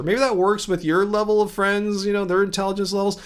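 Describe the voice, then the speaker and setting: A man's voice: sits high, expressive, fast, few pauses. A man hosting a casual livestream, chatting, laughing often and answering viewers in the chat. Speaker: livestream host.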